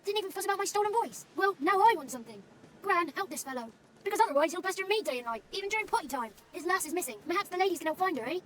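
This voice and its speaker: A woman's voice: very high-pitched, animated, very fast, fairly bright tone, a little hiss or hum. A woman voicing a small, impish male forest spirit in a video game, chatty, crude and theatrical, savouring silly words. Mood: coaxing. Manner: playful, theatrical, relishing tongue-twisters.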